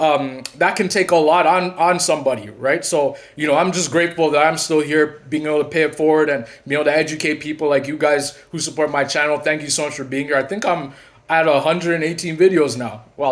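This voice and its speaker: Rambling man talking to camera. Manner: rambling, restarts and repeats words often; drops quiet and low when retelling conversations. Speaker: channel host and narcissism coach. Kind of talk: casual talking-to-camera monologue.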